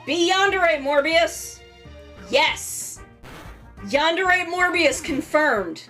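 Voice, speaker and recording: A woman streamer chatting casually while giving tarot readings, joking about herself and swearing freely, speaking softly and close to the mic. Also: extremely high pitch, expressive, extremely slow, faint music behind. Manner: soft, quiet near-ASMR voice close to the mic. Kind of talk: casual live-stream chat. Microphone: close microphone.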